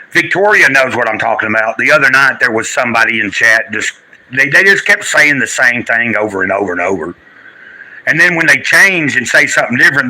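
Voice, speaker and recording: A man's voice: mid-range voice, sharp tone, poor audio. A man chatting live to his stream viewers, teary and rambling, drifting between spiritual musings and talk with his chat. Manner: rambling, earnest, preachy in spells, addresses chat.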